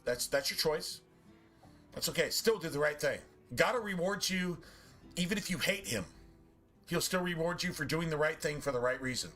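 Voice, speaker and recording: A man's voice: a little high, expressive, moderate pace, pushed and bright, faint music behind. A man streaming a game and ranting casually, swearing often in a preachy, emphatic way. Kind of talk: casual rant while gaming.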